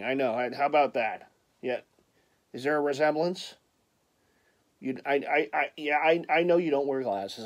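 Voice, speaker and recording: Stammering Philly-accented man vlogging. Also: fairly high pitch. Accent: Philadelphia. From Philadelphia area. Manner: rambling, stammering restarts, playful teasing. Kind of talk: casual vlog chat showing purchases.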